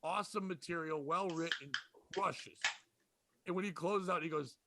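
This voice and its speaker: A man telling a comedy club story in casual chat, animated and profane, laughing as he goes. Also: a little high, moderate pace, heavy background noise. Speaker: podcast host and comedian.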